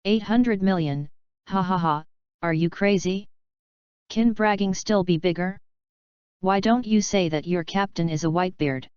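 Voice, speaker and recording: A boastful pirate thug sneers and brags, as a woman reads him aloud. The voice sits a little low and very clear. The recording is dry and dull, like a lo-fi storybook reading. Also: unhurried, a little mellow, no room sound, natural voice. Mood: mocking. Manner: mocking, smug.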